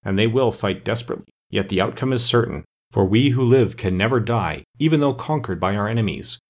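A man's voice: fairly low pitch, expressive, a little fast. A man voicing a grave, commanding ancient immortal master of the forests in a storybook reading. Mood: stern. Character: stern ancient male immortal master woodsman.

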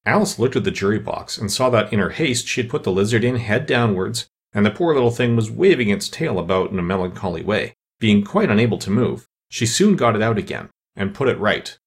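A man narrating a storybook with expressive storytelling. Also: fairly low pitch, brisk, few pauses, husky. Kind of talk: audiobook narration.

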